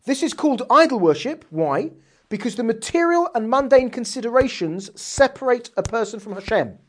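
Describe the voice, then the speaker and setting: A woman teaching a religious text lesson, reading passages aloud and posing rhetorical questions in an animated way. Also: a little high, moderate pace. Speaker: Torah teacher.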